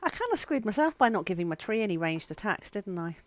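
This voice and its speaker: Lively woman running a game. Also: mid-range voice, dry recording. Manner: lively, chatty, quick to laugh. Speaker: game master.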